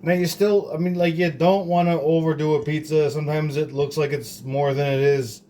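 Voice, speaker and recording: A man's voice: a little high, steady tone, moderate pace, dark tone, slight background noise. A young man from Canada, talking through a home cooking demonstration in a rambling, joking, profane way full of fillers. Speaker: home cook vlogger. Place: home kitchen.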